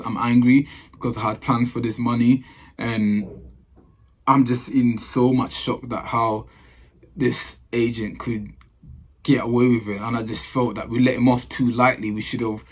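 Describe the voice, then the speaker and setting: A man's voice: medium pitch, breathy edge. A man, a footballer casually telling a story to camera in slangy talk, often repeating his phrases.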